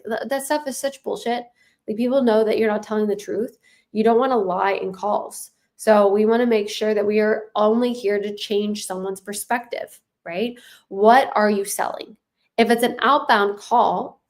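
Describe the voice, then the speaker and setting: Blunt, emphatic woman sales coach. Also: on the high side. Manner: emphatic and blunt, with frequent "right?" and "okay?" check-ins; casual, with mild swearing. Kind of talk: casual coaching talk.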